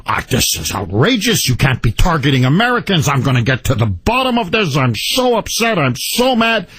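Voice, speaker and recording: A man doing a sarcastic impression of a president, halting and feigning shock and dismay. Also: on the high side, sing-song, a bit bright, breathy edge, no echo, pitched below the performer's own voice, heavily acted. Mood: mock outrage. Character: mock-shocked male president, whiny and evasive.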